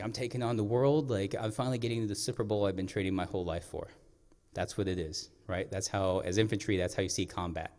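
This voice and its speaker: Young male storyteller, low voice, earnest and reflective, live on a stage with a long reverb tail. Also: darkish tone. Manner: earnest, reflective, pauses and clears throat. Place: performing arts center stage.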